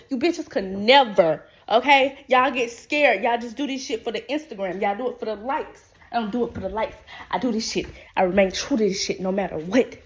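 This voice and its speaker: Brash, profane woman on a self-love rant. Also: fairly high pitch. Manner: brash, profane, sassy, emphatic. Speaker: podcast host. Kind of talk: unscripted motivational monologue.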